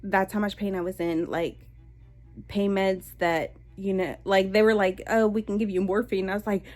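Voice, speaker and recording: A young adult woman speaks straight to her viewers in a candid, conversational vlog, her voice sitting at an ordinary middle pitch. She circles back and restarts often, filling pauses with ums and you-knows as she tells her story. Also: little pitch movement, a little mellow, faint music behind. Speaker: vlogger. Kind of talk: personal storytelling to camera.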